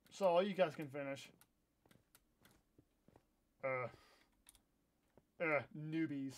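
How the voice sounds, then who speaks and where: A young man in his twenties with a fairly high voice chats casually while he plays live. He rambles from one thought to the next and breaks out in sudden loud yelps when the game goes wrong. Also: very slow, long pauses. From Iowa, USA. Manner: rambling and chatty, with sudden loud outbursts during play. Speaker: livestream host. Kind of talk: casual live gameplay chat.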